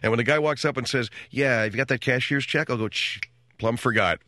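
A man's voice: mid-range voice, quick pace, sharp tone, no echo, studio quality. A middle-aged man hosting a radio talk show, telling rambling comic stories and acting out other people's voices along the way. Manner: rambling, wisecracking storyteller who acts out other people's voices.

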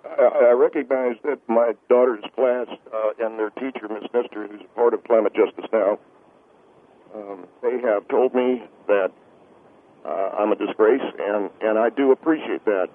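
A man's voice: fairly low pitch, moderate pace, pitched below the performer's own voice, close to an everyday voice. A man playing a flustered, anxious father who stammers and hesitates as a call-in radio guest. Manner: stammering, hesitant, many uh's. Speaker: guest on phone. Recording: tinny phone line.

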